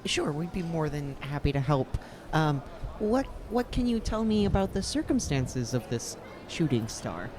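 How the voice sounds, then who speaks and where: A man playing a tabletop game, talking in a relaxed, offhand way. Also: on the high side, unhurried, hardly any pauses. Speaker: player. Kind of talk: casual tabletop play. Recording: noticeable background noise.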